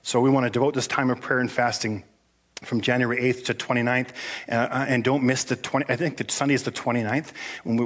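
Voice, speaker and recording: A middle-aged man preaching in a church, excitable and enthusiastic, his voice still worn from a recent cough. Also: medium pitch. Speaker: pastor. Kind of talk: sermon. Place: church auditorium.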